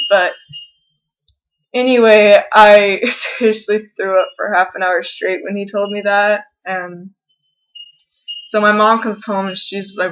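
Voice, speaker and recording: A young woman in her bedroom, talking into her camera in a halting, rambling confessional vlog, upset and close to tears. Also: medium pitch, fairly bright tone, dull audio. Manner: rambling, halting, with many fillers and restarts. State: tearful, upset. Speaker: vlogger.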